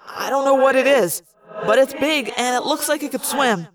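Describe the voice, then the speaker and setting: A woman's voice: high voice, moderate pace, recorded from a distance, a crowd in the background, lightly acted. A woman reading an audiobook, voicing a wary teenage boy who spots trouble first. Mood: alarmed. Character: teenage boy, joking worrier.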